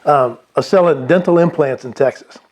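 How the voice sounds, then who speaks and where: A man's voice: on the high side, a little fast, darkish tone. A man giving unscripted sales advice, rambling with many restarts and fillers. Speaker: sales trainer.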